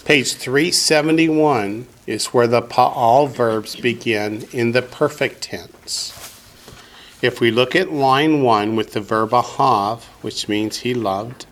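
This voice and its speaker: A patient, deliberate male teacher. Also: medium pitch, fairly bright tone. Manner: patient, deliberate, quizzes students. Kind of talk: classroom lesson.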